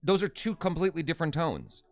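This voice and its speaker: A man's voice: a little high, very animated, fast talker, no room sound. A man co-hosting a casual live stream, reading viewer comments aloud and reacting. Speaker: co-host reading live chat.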